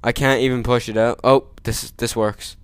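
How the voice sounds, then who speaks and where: A man doing gameplay commentary, joking, making sarcastic asides and yelling at the game. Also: mid-range voice, little pitch movement, normal speed, clear, resonant tone, no room sound. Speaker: let's play gamer.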